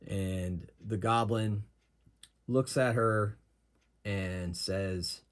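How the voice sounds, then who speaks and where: A man's voice: lowish voice, steady tone, slow pace. A man narrating a solo tabletop game as game master, in a casual manner that thinks aloud.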